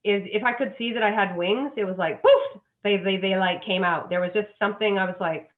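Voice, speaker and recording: A woman's voice: mid-range voice, fairly quick. A woman, a dog psychic guest, talking earnestly and effusively with many restarts. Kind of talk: emotional interview talk. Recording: tinny phone line.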